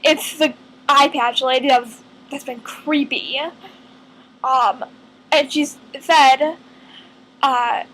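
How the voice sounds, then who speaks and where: A woman talks to her camera in an unhurried, meandering way, working out her thoughts as she goes. Her voice sits high, and she takes her time, pausing often between ideas. She sounds earnest throughout. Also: fairly even intonation, a bit bright, slight background noise, poor audio. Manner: earnest, rambling, thinks aloud with many pauses. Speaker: vlogger. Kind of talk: casual fan chat to camera.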